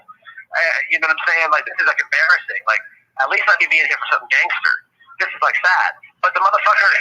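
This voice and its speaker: A man on a call from jail, venting casually in a fast, profane, heated rant. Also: fairly high pitch, bright, forceful tone, slightly rough. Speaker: caller on the show from jail. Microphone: phone call. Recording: tinny phone line.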